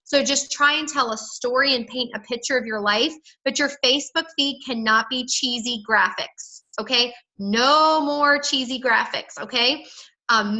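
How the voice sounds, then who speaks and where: A woman with a high, sharp-toned voice coaches her sales team over a low-quality phone call. She's chatty and emphatic, often acting out what she'd say to people.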